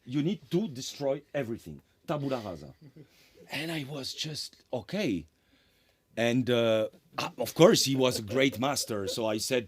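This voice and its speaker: A man giving a conference lecture as a composer, talking in an animated way, often tagging sentences with "eh?" and restarting phrases. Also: medium pitch, measured pace, slightly rough. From France. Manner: animated, tag questions "eh?", frequent restarts.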